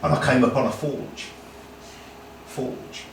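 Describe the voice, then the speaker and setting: A man's voice: mid-range voice, fairly even intonation, takes it slowly, gravelly. A man in his sixties doing comic storytelling on a pub stage, playfully teasing the audience. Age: 60s. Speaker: stand-up comedian. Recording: echoey pub room from far off. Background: live audience noise.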